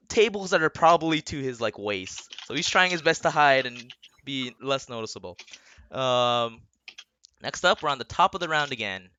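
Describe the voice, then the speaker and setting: A man as game master running a tabletop game in casual chat, easygoing and quick to laugh. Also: mid-range voice, pushed and bright, slight background noise.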